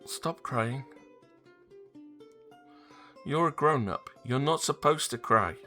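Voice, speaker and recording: A man's voice: mid-range voice, expressive, takes it slowly, bright, forceful tone, soft background music, pitched above the performer's own voice. A man voicing a stubborn, brave little girl who scolds firmly, reading game dialogue aloud. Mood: scolding. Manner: scolding and firm.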